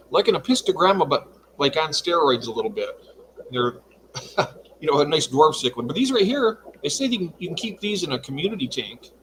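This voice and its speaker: Man, casual stream host at home greeting viewers, pitched a touch high, very animated. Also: slight background noise. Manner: chatty, reads out viewer comments. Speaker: livestream host. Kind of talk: casual livestream chat. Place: home fish room.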